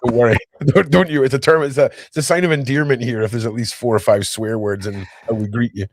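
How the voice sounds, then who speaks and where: A man's voice: medium pitch, fairly even intonation, quick pace, no echo, clean studio sound. A man with a Scottish accent hosting a podcast, chiming in with enthusiastic agreement and easy laughter. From Scotland. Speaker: podcast host. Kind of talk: casual chat.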